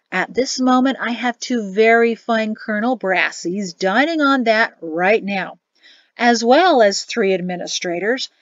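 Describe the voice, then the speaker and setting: A woman's voice: a little high, dry recording, dull audio, natural voice. A woman voicing a jovial, chatty male innkeeper and cook in an audiobook. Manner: cheery, chatty, boastful.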